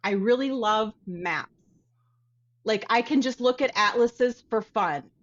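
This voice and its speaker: A woman artist from Ohio telling a story in a casual interview, chatty and animated. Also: fairly high pitch, slow pace, highs cut off. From Dayton, Ohio. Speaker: artist guest.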